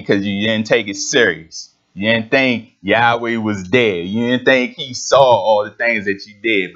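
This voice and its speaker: A man's voice: on the low side, a bit bright, lo-fi sound. A man preaching a sermon in an emphatic, conversational way, reading scripture aloud and explaining it.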